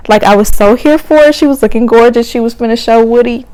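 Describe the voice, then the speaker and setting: A woman hosting her own vlog, recapping a reality show in a casual, gossipy, expressive way, laughing often and using slang. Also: on the high side, fast talker, few pauses, clean tone. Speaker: reality TV reviewer, channel host. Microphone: camera mic.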